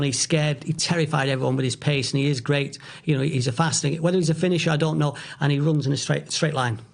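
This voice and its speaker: A middle-aged man with a gravelly edge and a voice set a little high. He speaks as a guest in a relaxed podcast chat, giving firm opinions while stumbling over restarts. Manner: halting, many restarts, opinionated. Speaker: guest, football author.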